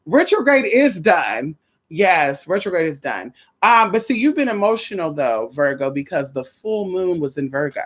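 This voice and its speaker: A woman hosting a casual livestream, sassy and animated, calling her viewers honey and girl while greeting them. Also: normal speed. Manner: swoops high for greetings and drops low for asides.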